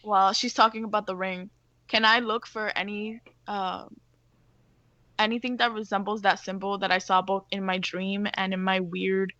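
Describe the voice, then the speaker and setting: Female player, bright sharp voice, slangy and joking, dull lo-fi mic. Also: mid-range voice, little pitch movement, moderate pace, no echo. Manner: playful, slangy. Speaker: tabletop player. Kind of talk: casual game play.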